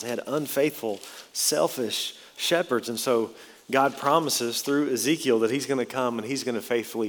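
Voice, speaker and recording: A man preaching a sermon and reading scripture aloud, slowing down and stressing key words in an earnest way. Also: medium pitch. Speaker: pastor. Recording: long reverb of a large hall.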